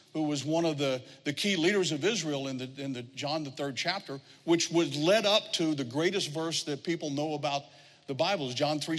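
A middle-aged man delivers a sermon from the pulpit, his voice sitting a little high for a man. He tells stories and slips into the voices of the people he quotes. The sound rings with the long reverb of a large hall. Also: a bit bright. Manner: storytelling, acts out quoted voices. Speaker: pastor.

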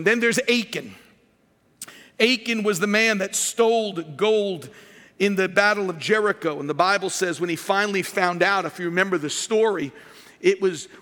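A man preaching a sermon as pastor, animated and rising to shouts for emphasis. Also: high voice, big-room sound.

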